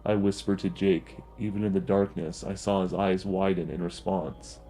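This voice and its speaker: A man narrating a horror story in a grim, steady storytelling manner. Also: low-pitched, normal speed, slight background noise, low-quality recording.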